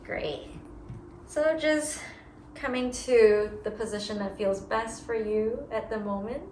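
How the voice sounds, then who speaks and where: A woman teaching a yoga class, giving slow, soothing cues about breath and movement. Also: a little high, darkish tone, reverberant, slight background noise. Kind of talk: guided yoga class instruction.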